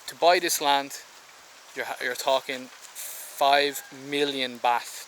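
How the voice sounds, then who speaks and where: This clip has an Irish vlogger casually touring viewers through a house for sale on a tropical island, going room to room with ums and restarts. His mid-range voice sounds pushed and bright, and the poor audio has a little hiss or hum.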